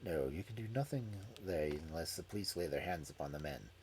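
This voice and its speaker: A man voicing an injured, scheming male detective who mutters weakly and quietly. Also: fairly low pitch, huge pitch swings, normal speed, a little hiss or hum. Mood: weak, wry. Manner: weak hushed mutter. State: weak.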